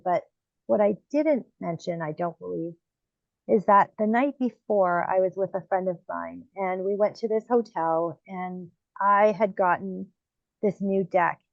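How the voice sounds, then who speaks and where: Woman, podcast host, medium, lively storyteller, casual chat, dull lo-fi sound, dry. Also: mid-range voice, no room sound. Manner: lively storyteller, acts out quoted exclamations.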